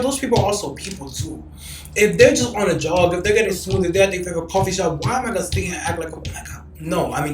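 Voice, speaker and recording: Recorded roughly in a roomy space with slight background noise, a young Los Angeles man hosts a podcast in a high-pitched voice. He's brash and profane in casual conversation, now and then letting out mocking shrieks.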